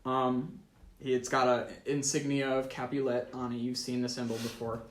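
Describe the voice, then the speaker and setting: A man's voice: medium pitch, flat delivery, moderate pace. A teenage boy narrating a tabletop game as game master, casual and often laughing, with many ums and uhs. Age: teens. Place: school room. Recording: echoey room.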